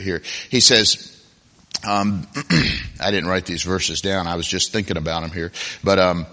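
A man preaching a sermon with fervor, moving from loud declarations to soft confiding tones. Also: lowish voice, normal speed. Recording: long hall reverb.

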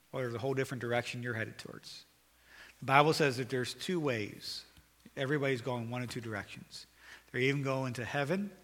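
A man preaching a sermon as a pastor, swinging from loud urgent calls to quiet earnest appeal. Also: medium pitch, big-room sound.

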